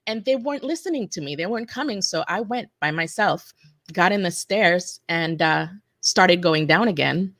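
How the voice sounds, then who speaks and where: A woman telling her survival story in an interview, speaking haltingly with restarts and corrections. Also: on the low side, expressive, a bit bright, no echo, clean studio sound. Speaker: interview guest, attack survivor. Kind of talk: emotional personal testimony.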